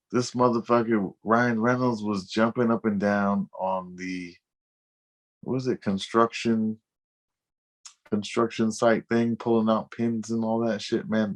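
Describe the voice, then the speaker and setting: Casting: lower-voiced male co-host, slangy and profane. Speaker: podcast co-host. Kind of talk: casual chat.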